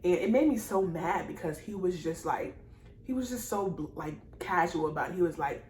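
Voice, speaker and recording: A woman's voice: on the low side, lively intonation, moderate pace, a little mellow. A young woman in her early twenties telling a personal story to her viewers, rambling and repeating herself, emotional and apologetic. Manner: rambling and repetitive, speaks straight to viewers; emotional, apologizing and laughing through tears. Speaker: vlogger. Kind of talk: casual personal storytelling to camera. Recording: echoey room with faint noise.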